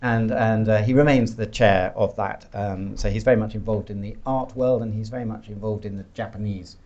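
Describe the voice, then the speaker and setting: A man introducing the speakers at an event, hesitant and full of pauses and fillers. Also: lowish voice, fairly even intonation, darkish tone. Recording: dull, muffled with faint noise.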